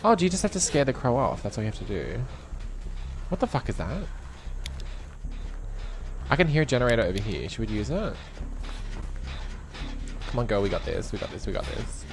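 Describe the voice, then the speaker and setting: A man's voice: mid-range voice, big pitch swings, a little fast, long pauses, faint music behind. A young man playing a video game and commenting as he goes, camp and sassy, swearing freely and breaking into shrieks and laughter. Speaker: gaming streamer. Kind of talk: live gameplay commentary.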